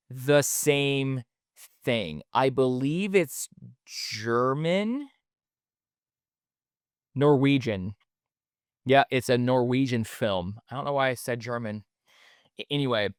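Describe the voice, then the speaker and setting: A man's voice: medium pitch, takes it slowly, pauses often, smooth, dry recording, studio quality. A man hosting a solo podcast in a casual, rambling way, with lots of fillers and the odd swear word. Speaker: podcast host.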